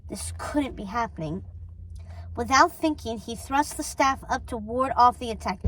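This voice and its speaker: A woman reading a chapter of a children's novel aloud in a deliberate storytelling manner. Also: on the high side, fairly bright tone, rough recording. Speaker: storybook reader.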